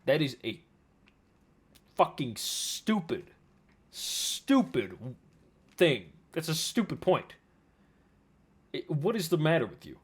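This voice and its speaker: Man, reaction commentary, exasperated profane rant, animated swooping voice, fairly high. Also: slow, long pauses, husky. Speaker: commentary streamer.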